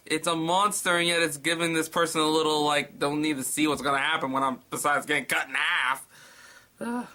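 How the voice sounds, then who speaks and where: A man reading a creepy story aloud and breaking off with sarcastic, exasperated comments. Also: fairly high pitch. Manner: sarcastic, exasperated asides between hushed reading. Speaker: narrator.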